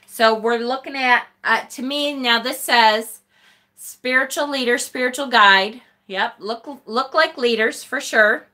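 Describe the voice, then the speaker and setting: Bright-voiced, blunt, swearing woman host. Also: on the high side, measured pace. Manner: blunt and profane, laughs and sighs often. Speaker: tarot channel host. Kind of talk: casual live-stream chat reading viewer comments.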